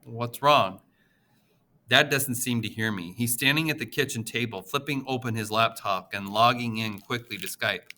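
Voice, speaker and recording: Man, audiobook narration, expressive emotional reading, very bright timbre, mid pitch. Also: normal speed, few pauses.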